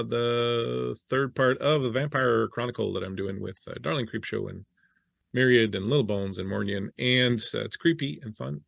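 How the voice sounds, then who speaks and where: A man's voice: mid-range voice, creaky, a bit bright, dry recording, studio quality. A man with a French Canadian accent, a player on a tabletop game podcast, talking in a joking, rambling way. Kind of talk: casual podcast chat.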